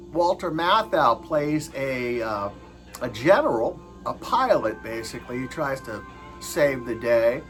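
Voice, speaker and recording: A man's voice: fairly high pitch, fairly bright tone, poor audio. A man giving a casual movie review, hesitant and full of filler sounds.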